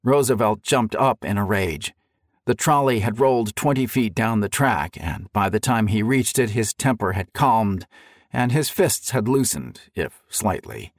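A man's voice: fairly low pitch, animated, unhurried, no room sound, studio quality. A man narrating a historical story for an audiobook, telling it in a dramatic, vivid way.

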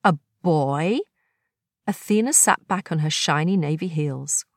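A woman narrating a novel in a calm, measured storytelling voice. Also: low-pitched, dry recording, clean studio sound. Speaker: audiobook narrator. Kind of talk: scripted narration.

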